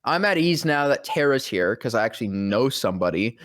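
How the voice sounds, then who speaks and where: Man, voice actor, casual profane storytelling, mid pitch, dry close sound. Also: sing-song, fairly quick, a bit bright, no room sound. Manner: rambling, profane, acts out quoted lines. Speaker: voice actor guest.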